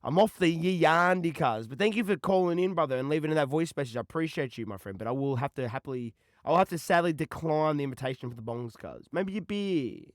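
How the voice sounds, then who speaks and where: A man's voice: on the high side, animated, quick pace, no room sound, studio quality. A young Australian man hosting a call-in podcast, rambling in slang and ending lines with "cuz" and "bro.". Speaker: podcast host. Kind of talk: casual chat answering callers.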